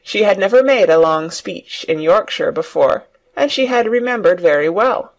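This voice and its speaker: Lively storybook narrator. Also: mid-range voice, normal speed. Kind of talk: audiobook reading for learners.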